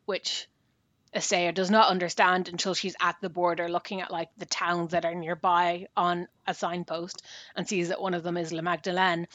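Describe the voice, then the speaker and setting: A woman's voice: fairly low pitch, fairly bright tone, no echo. Dry-voiced woman recapping a book. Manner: retelling a plot at length with fillers. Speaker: book podcast co-host. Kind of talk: casual book discussion.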